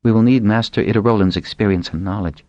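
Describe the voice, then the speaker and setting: A man voicing a commanding, sharp-witted woman who leads dragonriders in an audiobook, speaking firmly and persuasively. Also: on the low side, fast talker, no echo, muffled recording, pitched above the performer's own voice, close to an everyday voice. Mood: resolute.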